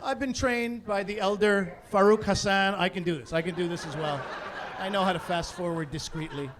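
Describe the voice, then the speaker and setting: Stand-up comic, man in his forties, high voice, animated storyteller who ramps into fake outrage. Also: normal speed, noisy background. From Canada. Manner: animated storyteller building to mock-indignant rants. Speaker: stand-up comedian. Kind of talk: stand-up comedy routine. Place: comedy stage before a live audience.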